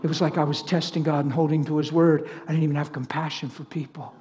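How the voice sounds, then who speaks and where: A man preaching a sermon full of stories, animated, swinging from loud laughter to near whispers. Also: fairly high pitch, fast, big-room sound. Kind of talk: sermon with storytelling.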